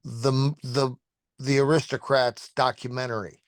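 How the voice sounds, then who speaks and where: A man co-hosting a podcast who talks haltingly, stammering and restarting, with casual profanity. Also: mid-range voice, little pitch movement, no room sound. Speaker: podcast co-host. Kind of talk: casual chat.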